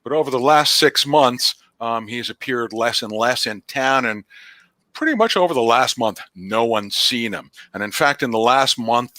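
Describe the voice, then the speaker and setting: Man, game master, low voice, bright forceful tone, rambling narration, dry close sound. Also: no room sound. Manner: rambling, with frequent fillers and restarts.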